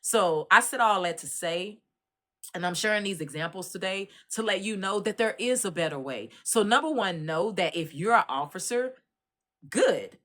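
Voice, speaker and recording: A woman from Dallas with a Texas accent, giving casual commentary and telling animated stories in colloquial Southern speech. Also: medium pitch, normal speed. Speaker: commentary host.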